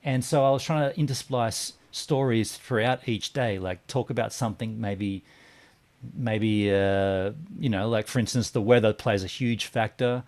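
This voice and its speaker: A man, co-hosting a casual live-stream chat and reading out viewers' comments with halting fillers. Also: lowish voice, fairly even intonation, darkish tone. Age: 40s. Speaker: podcast co-host.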